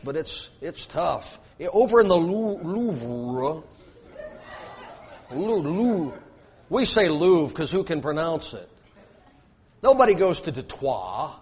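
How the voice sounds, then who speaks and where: Preacher guy, kinda high voice, takes his time, jokey asides. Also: slightly rough. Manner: emphatic, repetitive preaching with asides and jokes. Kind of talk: sermon.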